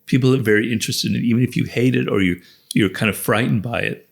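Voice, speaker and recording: A man's voice: medium pitch, fast, gravelly. An American man, a guest author, talking through ideas in an interview, building points with repeated phrases. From United States. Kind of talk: conversational interview.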